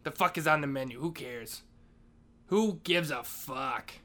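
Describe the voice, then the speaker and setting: A man's voice: a little high, measured pace, bright, forceful tone. A man playing a school janitor, ranting in a crude, profane comic monologue. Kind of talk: comedic monologue.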